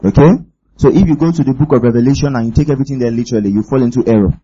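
Male preacher, warm husky voice, emphatic and probing, dull lo-fi recording. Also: medium pitch, racing. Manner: emphatic, keeps asking the audience if they follow. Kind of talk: sermon.

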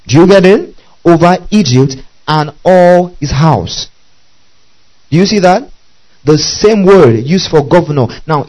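A man's voice: on the high side, warm tone, rough recording. A man preaching as pastor, teaching through scripture, repeating key phrases and asking the congregation to underline them. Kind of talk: sermon.

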